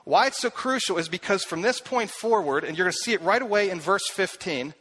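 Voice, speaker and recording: A man preaching a sermon, telling the story with animated delivery and acting out the voices he quotes. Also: sits high, a little fast, slight background noise. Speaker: pastor.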